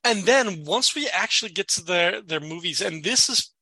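A man's voice: high-pitched, animated, normal speed, bright, forceful tone, no echo, low-quality recording. A man co-hosting a casual podcast, recapping a sitcom episode, laughing often and acting out quoted lines. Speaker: podcast co-host.

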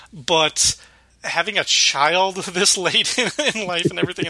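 Bright-voiced middle-aged man, chatty. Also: a little high, creaky, no echo, low-quality recording. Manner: relaxed, chatty, recaps scenes with quoted voices. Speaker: podcast co-host. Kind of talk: casual chat.

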